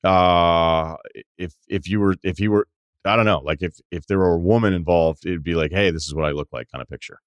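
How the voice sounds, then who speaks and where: A man in his forties hosting a podcast, telling rambling stories in casual chat with swearing and animated asides. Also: deep voice, a little fast, no echo, dull audio. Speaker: podcast host.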